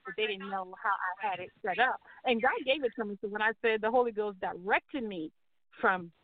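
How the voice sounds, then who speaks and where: A woman's voice: fairly high pitch, no room sound. Woman on a tinny call. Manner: animated, acts out quoted voices. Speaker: guest telling her life story. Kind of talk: personal storytelling in an interview. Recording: tinny phone-like call audio.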